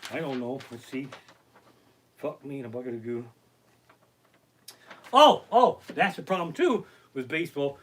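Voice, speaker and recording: A man's voice: medium pitch, brisk. A man doing a profane, exasperated comedy rant, streamed live from his living room.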